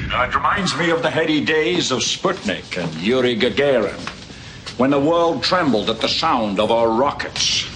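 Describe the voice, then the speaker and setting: Film clip: a stern Scottish-accented sub captain rallying his crew, mid pitch, roomy, heavy machine hum. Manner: commanding, measured, grave. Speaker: actor in a film scene. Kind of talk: film dialogue, rousing speech.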